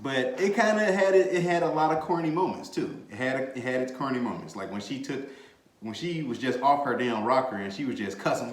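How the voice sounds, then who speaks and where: A man hosting a podcast, chatting casually about a movie in an animated, slangy way, laughing and swearing freely. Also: fairly high pitch, fairly quick. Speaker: podcast host. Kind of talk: casual movie review chat. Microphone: desk mic, bumped at times. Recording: echoey room.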